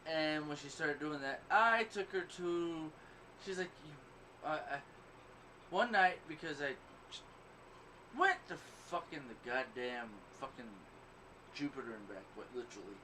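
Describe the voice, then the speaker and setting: A man's voice: fairly high pitch, normal speed, sharp tone. A man hosting a crude, casual podcast chat, telling blunt, profane, boastful stories. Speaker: podcast host. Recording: distant mic, noisy background.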